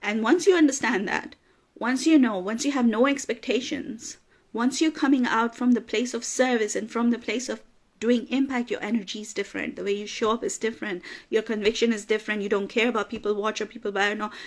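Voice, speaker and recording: Her voice is slightly high and steady, and her pace runs a bit fast as this woman business coach gives a forceful motivational speech. She repeats phrases to drive points home, and emotion sometimes overtakes her, with laughter breaking through tears.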